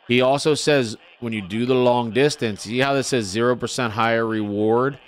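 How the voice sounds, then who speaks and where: A man's voice: mid-range voice, moderate pace. A man hosting a casual gaming livestream, talking in a laid-back folksy trucker way and greeting his chatters. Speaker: livestream host.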